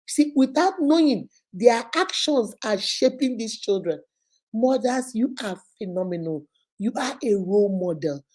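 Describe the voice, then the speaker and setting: A woman's voice: on the high side, animated, unhurried, darkish tone, rough recording. A woman from Nigeria with a Nigerian accent, a schoolteacher giving a motivational talk to mothers, using emphatic, repetitive exhortation mixed with storytelling asides.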